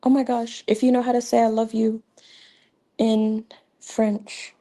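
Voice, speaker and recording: A woman's voice: on the high side, flat delivery, a little slow, dark tone. A young woman hosting a casual livestream, chatty and laughing often, with many fillers. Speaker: livestream host.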